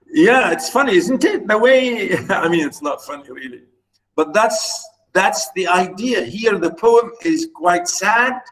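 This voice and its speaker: A man's voice: high-pitched, sing-song, slow, a bit bright, poor audio. A man teaching a poetry lesson, reciting verses dramatically with repeated phrases, then explaining them with many fillers and repetitions. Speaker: literature teacher.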